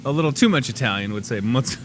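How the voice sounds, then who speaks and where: Playful, animated male talk show host. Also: medium pitch, fast, slight background noise. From Chicago area. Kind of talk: casual live chat.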